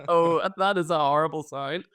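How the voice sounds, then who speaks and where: A man co-hosting a podcast, talking in an animated, casual way and swearing freely. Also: on the high side, unhurried. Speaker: podcast co-host.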